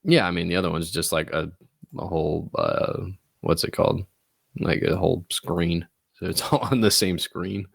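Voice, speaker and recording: A young man with a deep, gravelly voice, chatting loosely and teasing his co-host between fillers and restarts. The sound is close and dry, recorded through call software. He rambles, pokes fun, and keeps the talk easygoing. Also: fairly even intonation, normal speed, no room sound. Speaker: podcast co-host. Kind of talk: casual chat. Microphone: remote call recording software.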